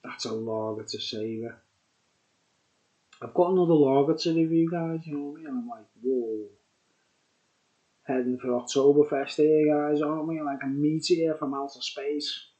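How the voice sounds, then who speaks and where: Middle-aged man, tipsy beer reviewer, rambling and chuckly, slightly high voice, dull lo-fi audio. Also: steady tone, moderate pace, warm tone. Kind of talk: rambling casual chat.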